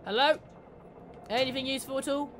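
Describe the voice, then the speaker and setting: A woman's voice: sits high, fairly even intonation, fairly quick, a bit bright, slight background noise. A woman commentating her horror game playthrough, sarcastic, swearing and laughing at the characters. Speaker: gamer. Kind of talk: let's play commentary.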